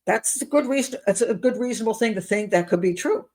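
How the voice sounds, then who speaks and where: A woman's voice: on the high side, animated, fast, darkish tone. A woman giving commentary as a criminal profiler, sarcastic and incredulous as she talks.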